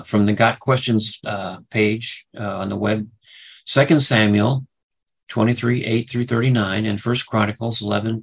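A man teaching a Bible study lecture, halting with many fillers and restarts, and leaning hard on single words for emphasis. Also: lowish voice, vocal fry, breathy edge, rough recording. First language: English.

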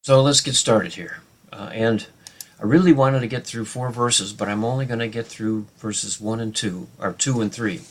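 A man's voice: lowish voice, moderate pace. A man teaching a verse-by-verse Bible study, talking unscripted with many fillers and restarts, explaining Hebrew grammar and reading scripture aloud.

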